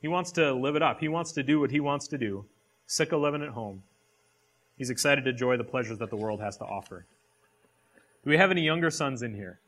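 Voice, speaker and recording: A man's voice: mid-range voice, animated, a little fast, fairly bright tone. A man reading a passage aloud and then preaching on it, with direct questions to a live audience. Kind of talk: sermon.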